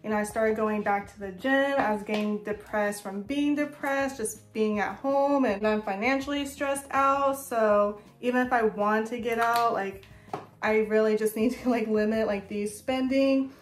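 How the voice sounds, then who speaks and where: A young woman vlogs casually to camera in an echoey room with soft music in the background. Her voice is a little high and her speed normal, and she chats along with plenty of fillers.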